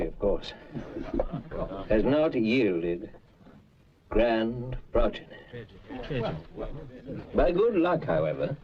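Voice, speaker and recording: A pompous rich gentleman. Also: on the low side, exaggerated voice. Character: pompous rich English gentleman addressing a board. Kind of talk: 1960s film comedy acting. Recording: dull film soundtrack with faint music.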